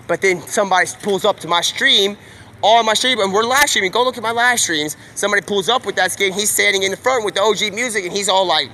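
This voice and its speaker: Outdoors, with faint traffic and street sounds in the background, a man live streams a fast, rambling stream-of-consciousness monologue. His voice is high and bright, and he's excitable and slangy, hopping from one topic to another.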